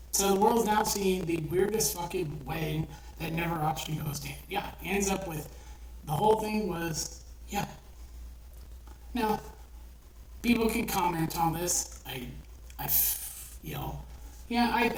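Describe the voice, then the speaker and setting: The voice is mid-range and measured as an online storyteller loosely retells their own short story. Their delivery rambles and swears, thick with fillers and restarts, and the distant mic adds room echo and faint noise.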